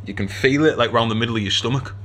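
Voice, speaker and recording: A man's voice: mid-range voice, fast, a bit bright. A man telling a story in casual podcast chat, swearing and laughing as he goes. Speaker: podcast co-host.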